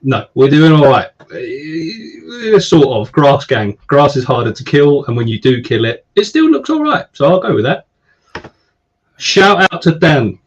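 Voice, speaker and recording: A man hosting a casual live stream, chatting and giving viewers shout-outs. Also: medium pitch, big pitch swings, unhurried, breathy edge. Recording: slightly dull stream audio.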